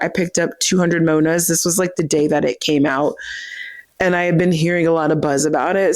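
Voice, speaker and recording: Chatty woman with a lowish voice. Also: no echo. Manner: chatty, animated, self-deprecating. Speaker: book vlogger. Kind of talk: casual book haul chat.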